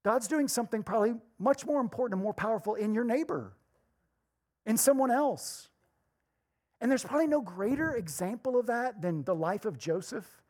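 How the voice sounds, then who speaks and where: A woman preaching a conversational sermon, animated and full of rhetorical questions. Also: a little high, normal speed.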